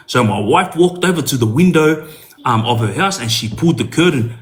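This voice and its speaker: A man's voice: mid-range voice, expressive, moderate pace. A man telling a personal story in casual talk, earnest, with many hesitations and restarts. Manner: earnest, speaks straight to younger listeners. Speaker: podcast guest telling a story.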